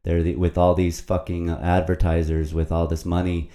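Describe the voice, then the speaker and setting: Deep, dark-voiced male podcast host. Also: monotone, moderate pace. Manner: rambling, profane and playful. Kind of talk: casual podcast chat and poetry reading. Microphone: podcast microphone at a computer.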